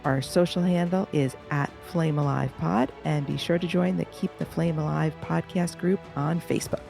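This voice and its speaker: A woman's voice: low-pitched, steady tone, moderate pace, vocal fry, darkish tone, soft background music. A woman co-hosting a podcast in casual chat, joking and playful. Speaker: podcast co-host.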